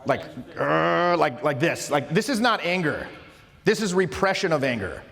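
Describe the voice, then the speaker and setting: A man's voice: on the high side, sing-song, normal speed, creaky, a bit bright. A man coaching social skills in a casual lecture, emphatic and informal, often restarting his phrases. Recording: long reverberant room sound.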